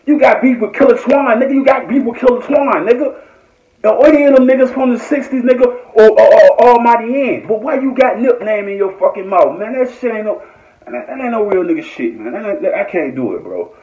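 Man from Norfolk, Virginia, fired-up live-stream rant, high and swooping voice, echoey lo-fi phone sound. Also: animated, a little fast, a little mellow. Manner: heated, repetitive, profane. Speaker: online commentator. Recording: echoey, dull lo-fi phone audio.

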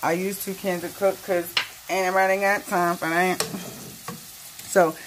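A sassy woman hosts a cooking demo and jokes straight to her viewers. Her voice sits a little low and she takes her time. Faint frying and sizzling come from the pan behind her. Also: little pitch movement, a little slow, background noise. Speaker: cooking channel host. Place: home kitchen.

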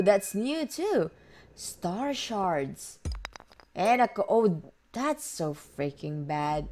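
Lively, unhurried woman narrating her gameplay. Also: medium pitch. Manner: chatty, exclaiming and gasping. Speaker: gaming channel host. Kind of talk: let's play commentary.

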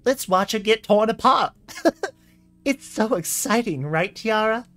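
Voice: medium pitch, expressive, moderate pace, fairly bright tone, soft background music, pitched above the performer's own voice. A reader voicing a cruel young filly pony, talking close to their own voice with no accent put on, in a dramatic comic reading. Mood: gleeful.

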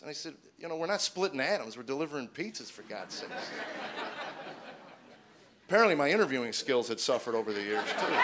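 A man's voice: medium pitch, fast, noisy background. A man in his forties doing stand-up, telling a self-deprecating personal story and acting out the dialogue with his wife in shifting voices. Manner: self-deprecating, acts out dialogue in shifting voices, rises to excited near-shouts. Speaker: stand-up comedian. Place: stage before a live audience.

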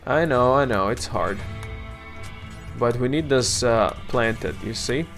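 Unhurried gamer muttering over his colony. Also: mid-range voice, fairly bright tone, faint music behind. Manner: talks to his colonists, grumbles and swears at setbacks. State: clearing his throat. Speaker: let's play gamer. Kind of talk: casual gameplay commentary.

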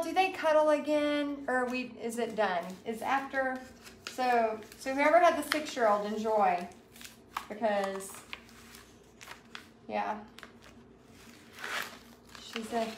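A woman in her forties speaks with a fairly high voice, chatting away while she hosts a live art stream and reads out viewer comments. Her voice carries a roomy echo, with a faint hum of room noise underneath. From Texas. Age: 40s. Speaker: art livestream host. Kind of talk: casual live craft demo chat. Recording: roomy livestream sound.

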